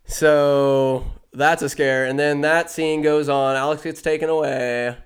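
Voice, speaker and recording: A man's voice: medium pitch, steady tone, normal speed, clear, resonant tone. Rambling man recapping a movie. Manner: rambling, jokey, self-interrupting. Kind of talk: casual rambling film recap.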